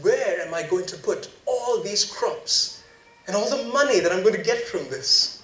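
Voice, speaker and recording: A self-satisfied rich farmer muses aloud about his plans, played by a man in a bright, lively voice. The sound is roomy and distant, with faint noise behind it. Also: high-pitched, normal speed. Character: smug rich farmer planning bigger barns. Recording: echoey hall, distant mic.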